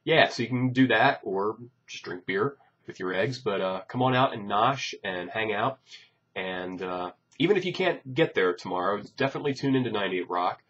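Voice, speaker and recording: Rambling low-voiced musician, husky and lo-fi. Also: male voice, lively intonation, normal speed, fairly bright tone. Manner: rambling, joking, many fillers. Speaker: bassist announcing gigs. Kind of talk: casual chat to camera.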